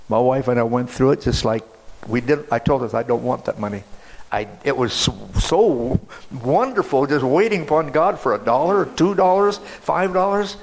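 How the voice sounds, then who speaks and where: Gravelly older man telling a testimony. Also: mid-range voice, animated, poor audio. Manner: rambling, halting with restarts. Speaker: missionary pastor guest. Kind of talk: testimony storytelling.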